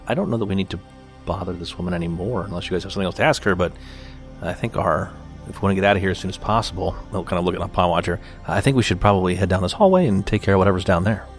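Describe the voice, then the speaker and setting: A man with a very deep voice playing a tabletop game, laid back and dry in his remarks. Faint music sits behind the conversation. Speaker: player. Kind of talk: casual tabletop play.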